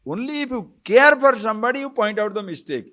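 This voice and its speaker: Male spiritual teacher, high-ish and very expressive, quizzes listeners with rhetorical questions, chants Sanskrit slowly. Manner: animated, asks listeners rhetorical questions, chuckles often. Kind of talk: spiritual lecture on scripture.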